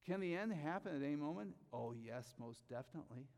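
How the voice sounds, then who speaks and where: A man preaching a sermon, reading scripture slowly and rising to loud emphatic bursts on key phrases. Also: on the high side, expressive, vocal fry, in a large hall. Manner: reads scripture aloud slowly.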